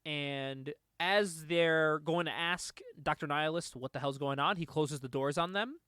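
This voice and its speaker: A man's voice: on the high side, unhurried, sharp tone, clean tone, no echo, studio quality. A man hosting a comic book podcast, recapping a story in casual chat, laughing often and swearing casually.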